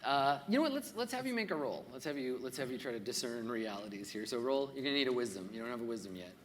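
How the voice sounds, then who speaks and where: A man running a live improvised tabletop game as game master, narrating in a chatty, halting way on a convention stage. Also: medium pitch, animated, slight background noise. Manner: chatty, halting, many fillers and restarts. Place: stage at a large convention hall. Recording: live hall reverb, faint crowd ambience.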